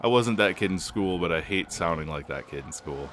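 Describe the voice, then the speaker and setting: A man's voice: sits low, expressive, normal speed, fairly bright tone, a little hiss or hum. Rambling, foul-mouthed young gamer guy. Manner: rambling, swears a lot, many fillers. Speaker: gaming channel host. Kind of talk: casual gameplay commentary.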